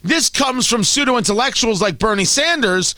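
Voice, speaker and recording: A man hosting a talk show, delivering an animated, sarcastic political rant. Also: very high voice, moderate pace, no echo, clean studio sound. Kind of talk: opinionated political monologue.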